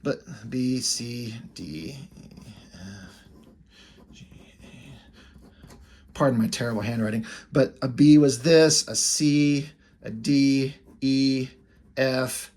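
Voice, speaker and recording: Male vlogger, loose and rambling, quick to laugh and curse, casual show-and-tell delivery. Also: mid-range voice, darkish tone. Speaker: video creator.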